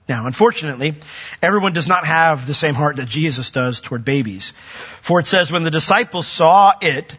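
A middle-aged man preaching from the pulpit, his voice bright and a little husky. He talks in a conversational way with touches of dry humor. The sound is muffled and lo-fi, with a long reverb from a large church hall. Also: mid-range voice. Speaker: pastor. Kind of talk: sermon.

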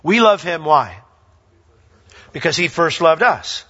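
A male pastor preaching a sermon in an animated way, reading scripture aloud and acting out little dialogues. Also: a little high, slow pace. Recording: lo-fi sound with long hall reverb.

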